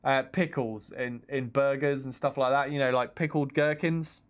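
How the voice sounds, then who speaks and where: A man's voice: mid-range voice, fairly even intonation, normal speed. An English man casually chatting on a game stream, reading chat and laughing at himself. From England. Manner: chatty, self-deprecating, laughs often, reads chat aloud.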